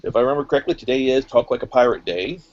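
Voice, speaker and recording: A man of medium pitch hosts a live art stream in a relaxed, chatty way. He reads out the assignments slowly and deliberately. The sound is dull and lo-fi. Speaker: host of a live drawing event. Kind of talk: casual live-stream hosting.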